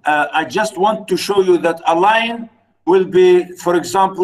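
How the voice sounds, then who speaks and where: A man teaching an online class who talks haltingly, with many fillers and repeated words, and counts out stresses slowly and deliberately. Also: high voice, poor audio. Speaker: university lecturer. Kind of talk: online lecture.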